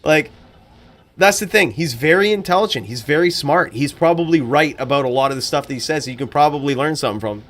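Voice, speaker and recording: Fast-talking and animated, this man has a slightly high, somewhat bright voice as he hosts a live stream. He offers blunt, profane, casual chatter before switching to commentating game fights.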